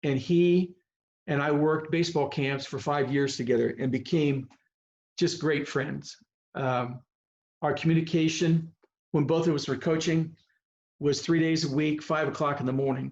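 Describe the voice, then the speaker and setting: An older man in his seventies, a longtime baseball coach, tells stories with earnest feeling and often restarts his sentences. His voice sits a little high for a man. It comes through a slightly muffled video call. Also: darkish tone. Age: 70s or older. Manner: earnest, heartfelt, rambling with restarts. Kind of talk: personal storytelling on a video call. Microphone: video call microphone.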